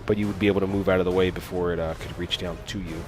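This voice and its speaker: A man's voice: low-pitched, fairly even intonation, rapid-fire, over music. A man narrating as dungeon master in casual, hesitant talk full of fillers. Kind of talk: narrating a tabletop game.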